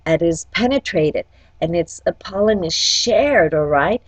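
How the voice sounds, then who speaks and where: A woman's voice: fairly low pitch, lively intonation, unhurried, dry recording, poor audio. A woman giving a casual, chatty horoscope forecast. She often checks in with "okay?" and talks directly to each sign. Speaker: astrology forecaster and life coach.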